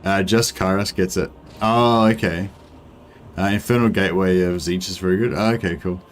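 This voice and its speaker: Low-voiced Australian man streaming a game. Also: steady tone, normal speed, slight background noise. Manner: rambling, filler-heavy, thinking aloud. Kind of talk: casual gameplay commentary, answering chat.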